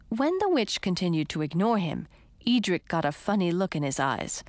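Woman reading a kids' fantasy audiobook, lively tone, dry close sound. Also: lowish voice, moderate pace, dry recording. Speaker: audiobook narrator. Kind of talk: scripted first-person narration.

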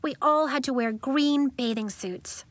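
Talkative schoolgirl read by a woman, bright and lively, dry close sound. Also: high voice, a little slow, no echo. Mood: chatty. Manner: chatty, giggly storyteller. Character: chatty schoolgirl who makes things big.

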